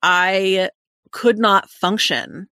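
A woman's voice: mid-range voice, extremely slow, sharp tone, no room sound, clean studio sound. A woman in her thirties hosting a podcast, thoughtful and a little hesitant, with many fillers. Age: 30s. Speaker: podcast host. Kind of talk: reflective conversational interview.

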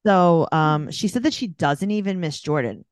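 Lively, sarcastic woman podcast co-host. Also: fairly low pitch, moderate pace, smooth, no room sound, studio quality. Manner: sarcastic, playful. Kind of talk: casual chat recapping a reality show.

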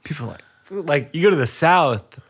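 A man's voice: on the high side, animated, normal speed. A man hosting a podcast, chatting casually and reacting with short agreements and his own stories. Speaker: podcast host. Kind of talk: casual conversation.

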